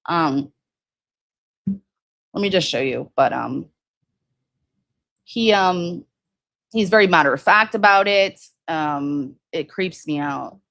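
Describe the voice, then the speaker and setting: A woman's voice: deep voice, animated, slow pace, vocal fry, pauses often, a bit bright, dry recording. A woman hosting a casual true-crime livestream, rambling with many fillers and restarts while answering viewers' comments. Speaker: livestream host.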